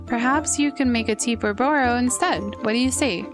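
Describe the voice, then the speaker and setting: A woman voicing a gentle, kindly tea shop keeper in a video game who speaks with odd, halting grammar. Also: fairly high pitch, over music, close to an everyday voice. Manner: calm and reassuring, with odd "is being" grammar.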